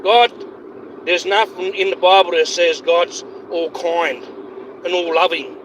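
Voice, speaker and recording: A man delivers a heated, profane livestream rant, circling back over his points again and again. His voice sits high for a man. Faint hiss runs under him. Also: fairly even intonation, measured pace, fairly bright tone. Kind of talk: ranting livestream monologue.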